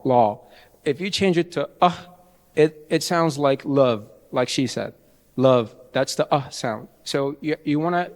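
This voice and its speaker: A young man giving a lively, chatty IELTS training talk to a live audience, often restarting his sentences. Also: mid-range voice, vocal fry. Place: large event hall. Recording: long hall reverb.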